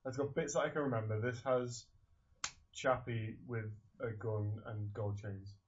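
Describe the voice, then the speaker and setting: A man's voice: mid-range voice, fairly even intonation, a little slow, dull audio, slight background noise. A man hosting a casual film podcast, rambling, trailing off and steering the talk back on topic. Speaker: podcast host.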